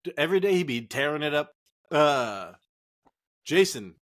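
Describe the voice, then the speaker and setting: A man's voice: fairly high pitch, very animated, moderate pace, fairly bright tone. A man co-hosting a casual fantasy football podcast, a bit tipsy from drinking, joking, swearing and rambling. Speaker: podcast co-host.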